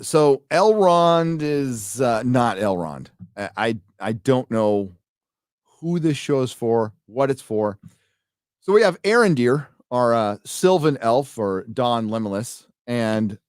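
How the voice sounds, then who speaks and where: A man's voice: medium pitch, darkish tone, no echo, studio quality. A man reviewing a TV show in a casual live commentary, blunt and sarcastic, full of fillers and restarts. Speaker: video reviewer.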